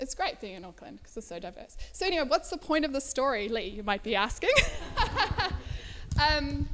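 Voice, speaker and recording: Chatty woman with a higher voice. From South Africa. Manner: chatty, laughing often, many fillers. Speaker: speaker at a storytelling event. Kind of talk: personal talk to a live audience. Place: indoor event venue.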